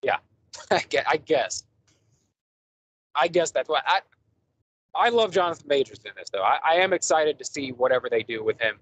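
A man's voice: a little high, lively intonation, moderate pace, long pauses, fairly bright tone, breathy edge, low-quality recording. A man hosting a casual podcast movie review, rambling enthusiastically with lots of fillers and restarts. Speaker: podcast host.

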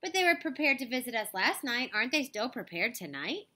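A woman voicing an excitable, fearless young girl doll in a storybook reading, with a wide-eyed manner. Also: on the high side, brisk, voice pushed up, full character voice. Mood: excited.

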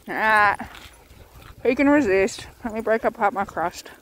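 A woman's voice: fairly high pitch, a little slow, a bit bright, slight background noise. A woman at a dog daycare talking in a sing-song way to the dogs, praising them one by one, with a light Australian accent. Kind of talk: casual talk to dogs.

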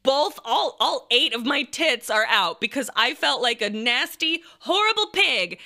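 A young woman tells a crude, embarrassing story to her stream viewers, laughing as she goes. Her voice sits high and swoops widely. It sounds bright and sharp. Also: a little slow, few pauses. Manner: animated, laughing, crude and self-mocking. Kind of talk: casual storytelling to chat.

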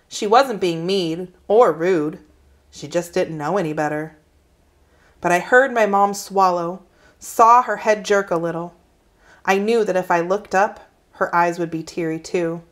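Woman calmly reading a children's novel aloud. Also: fairly low pitch, a little slow. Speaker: reader.

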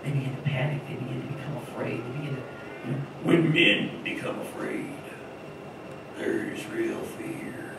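A woman preaching a sermon, telling the story in an animated way and acting out the voices of the people in it. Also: a bass voice, fairly quick, gravelly. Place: church hall. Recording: echoey room from far off, faint noise.

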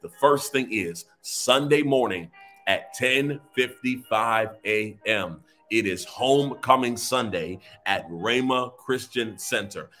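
A man's voice: mid-range voice, slow, sharp tone, soft background music. A male pastor leading an online service, repeating his declarations, then chatting and thanking people with many fillers. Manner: declarative preaching, repeating phrases; conversational with frequent fillers when thanking givers. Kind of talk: online sermon with prophetic declarations.

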